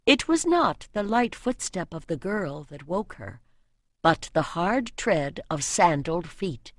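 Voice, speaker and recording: Woman audiobook narrator, slow measured delivery, dry close recording. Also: lowish voice, very animated, no echo.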